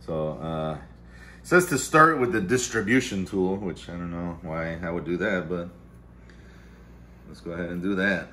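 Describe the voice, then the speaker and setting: Now at normal speed with long pauses, the low-pitched host keeps a pushed, bright tone during his coffee-making vlog in the kitchen-dining room. He rambles, swears and mutters to himself, with a touch of hiss or hum in the recording.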